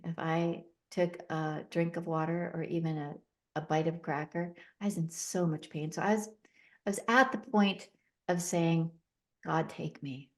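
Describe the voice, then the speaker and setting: Middle-aged woman, lowish voice, podcast guest, personal storytelling, vivid and emotional retelling.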